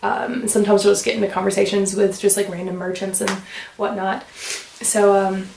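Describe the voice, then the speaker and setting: Fast-talking young American woman vlogging. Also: medium pitch, little pitch movement, vocal fry, a little mellow, recorded from a distance, a little hiss or hum. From United States. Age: young adult. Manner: fast, rambling, lots of "like" fillers. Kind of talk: casual vlog chat. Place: room at home. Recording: roomy sound from away from the mic.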